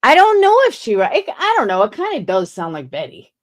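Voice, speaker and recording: A woman's voice: fairly high pitch, huge pitch swings, brisk. A woman hosting a casual livestream, chatting skeptically with viewers and reading messages aloud. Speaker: livestream host.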